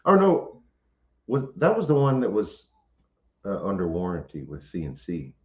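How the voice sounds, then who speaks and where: A man hosting a relaxed livestream chat from home, speaking haltingly and greeting viewers from the comments. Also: low-pitched. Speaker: homestead channel host. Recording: roomy, slightly dull sound.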